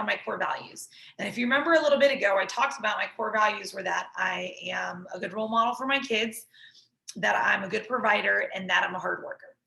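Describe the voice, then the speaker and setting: A woman's voice: mid-range voice, vocal fry, sharp tone, reverberant, rough recording. A woman instructor teaching a workshop in a conversational way, walking through an example and often checking in with the listener.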